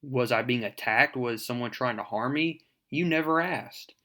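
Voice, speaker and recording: A man's voice: mid-range voice, normal speed, pushed and bright, close to an everyday voice. Defiant teenage girl, read out by a man. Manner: heated, protesting. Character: teen girl, defiant and indignant.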